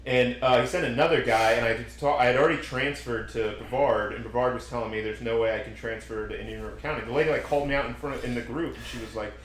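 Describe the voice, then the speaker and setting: A man's voice: medium pitch, fairly even intonation, fast talker, few pauses, a bit bright, slight background noise. A young man hosting a podcast, telling rambling stories full of swearing and acted-out quotes. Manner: rambling storyteller, swears a lot, acts out quotes. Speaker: podcast host. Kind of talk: casual chat. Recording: roomy echo.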